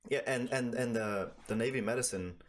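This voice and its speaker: A man's voice: medium pitch, a little fast, background noise. A man telling a story in casual, profane conversation over a video call, rambling with lots of fillers.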